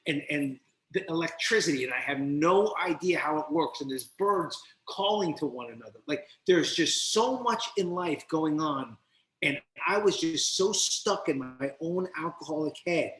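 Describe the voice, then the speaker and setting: A man from New Jersey, a podcast guest, telling a personal recovery story with lively, animated delivery. He slips into the voices of the people in his story as he goes. His tone is bright and forceful, a little above the usual male pitch, and the room gives his voice a noticeable echo. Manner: animated storytelling, acting out both sides of the dialogue. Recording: roomy echo.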